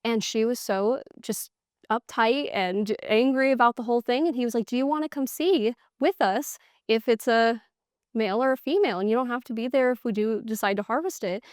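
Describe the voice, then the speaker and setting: A young woman with a smooth, clear, fairly high voice tells stories in a relaxed interview. She acts out the people she quotes and laughs easily. The recording is dry and close. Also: brisk, dry recording. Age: young adult. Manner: animated storytelling, acts out quoted exchanges, laughs often. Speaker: guest, hunter. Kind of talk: casual interview chat.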